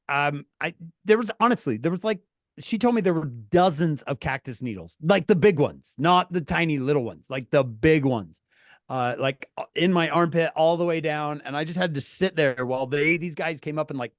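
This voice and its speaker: A man telling a story to his viewers, animated and laughing through his words, calling on chat by name. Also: a little high, normal speed, no echo, studio quality. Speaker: streamer talking to viewers. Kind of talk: casual storytelling.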